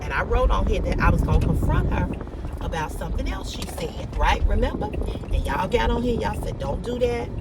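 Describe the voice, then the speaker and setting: A woman's voice: medium pitch, lively intonation, moderate pace. An adult woman vents angrily to her viewers while driving, repeating herself and swearing. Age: adult with a mortgage and a child. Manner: angry, repetitive venting, swearing. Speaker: vlogger. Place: in a car. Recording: distant phone mic in a car with loud road noise.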